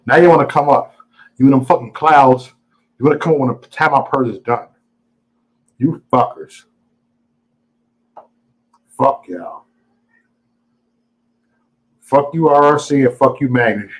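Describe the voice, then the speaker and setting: A man's voice: medium pitch, a little slow, pauses often, low-quality recording. A man hosting a casual live stream, greeting viewers and ranting at them in a profane, taunting, boastful way. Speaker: livestream host.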